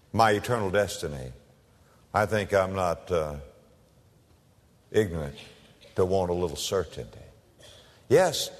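A man pastor preaches slowly and deliberately, leaning on dramatic pauses. His pitch swings widely as he drives his points home with humor. His voice trails off in a long reverb through the church sanctuary. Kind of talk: sermon.

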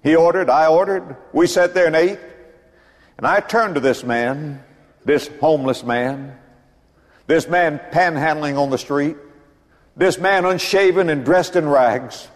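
An older man preaching a sermon as pastor in a church, swinging between booming lines and hushed asides. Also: long reverb tail. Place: church building.

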